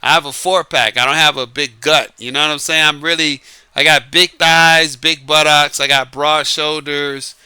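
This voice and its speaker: Speaking at normal speed in a steady, smooth, sharp tone with a fairly high pitch, a New Orleans, Louisiana man with a light Southern accent offers dating advice. The casual monologue is emphatic, with repeated points and chuckles between them, and the recording is dry.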